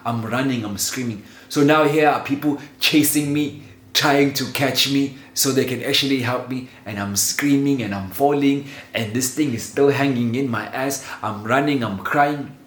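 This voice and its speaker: A man telling a childhood story in a casual, animated way, laughing often and swearing freely. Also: mid-range voice, moderate pace. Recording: roomy echo with faint ambient noise.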